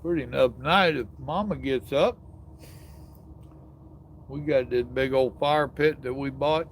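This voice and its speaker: A man's voice: medium pitch, unhurried, slight background noise. An older man hosting a casual live stream outdoors, chatting with viewers in a folksy, drawling way. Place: outdoors in the evening.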